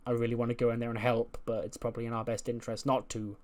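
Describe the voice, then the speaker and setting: A man's voice: mid-range voice, level tone, racing, a little mellow, lightly acted. A man voicing a hesitant woman wrestler in a game recap, torn about stepping into a fight. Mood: reluctant.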